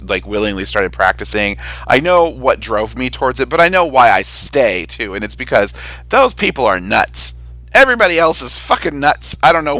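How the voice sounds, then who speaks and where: A man co-hosting a casual podcast, rambling and animated, often jumping up into a high excited voice and swearing casually. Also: no room sound. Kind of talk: casual chat.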